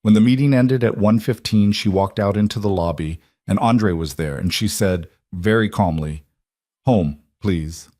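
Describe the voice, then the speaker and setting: A man narrating a dramatic story in short, even, declarative sentences. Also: lowish voice, normal speed, hardly any pauses, dry recording, studio quality.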